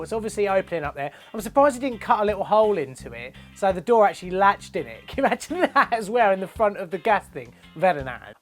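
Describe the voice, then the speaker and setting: A man hosting a plumbing show, chatting casually and jokily about viewers' photos. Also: sits high. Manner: jokey, chatty, laughs often. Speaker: host of a plumbing channel.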